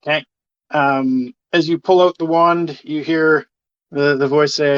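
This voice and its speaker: A game master narrating a tabletop game, hesitant with many pauses and fillers. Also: medium pitch, steady tone, smooth, no echo, dull audio.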